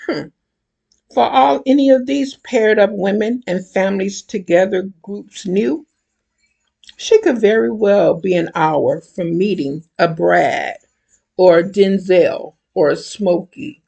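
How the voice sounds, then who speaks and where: An older woman reads from her own book in a slow, deliberate manner. Her voice is gravelly and husky, and each phrase is measured out carefully. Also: mid-range voice, mellow. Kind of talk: reading a book excerpt aloud.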